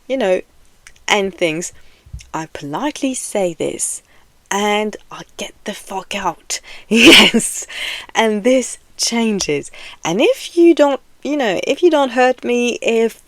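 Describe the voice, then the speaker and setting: A woman's voice: medium pitch, no room sound. A woman vlogging in a casual, frank way, rambling and filling gaps with "you know" and laughing between phrases. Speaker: video essay vlogger. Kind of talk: casual direct-to-camera talk.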